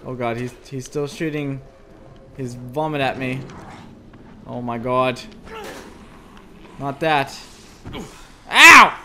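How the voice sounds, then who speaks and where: A man's voice: mid-range voice, slow, pauses often, slight background noise. A man commentating a horror game demo as he plays, easily startled and yelping "oh no" and "oh god" at every scare. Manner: excitable, yelps and squeals when scared. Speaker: gameplay commentator. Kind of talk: let's play commentary. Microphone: desk USB microphone.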